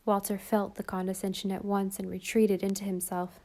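A woman narrating a storybook in a calm, even way. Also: medium pitch, normal speed. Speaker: audiobook narrator.

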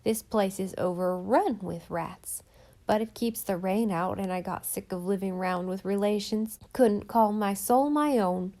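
A talkative old country widow, as a woman reads her part, her voice a little hoarse from a cold. She rambles on in homespun grammar, kindly and eager for company, like a character in a storybook read aloud. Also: mid-range voice, unhurried, mellow, natural voice. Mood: folksy chatter. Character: chatty lonely old countrywoman, folksy and kindly.

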